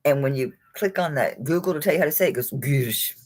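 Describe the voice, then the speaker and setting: A woman's voice: deep voice, racing. A woman hosting a live jewelry auction stream, chatting casually, chuckling and talking to the pieces she holds.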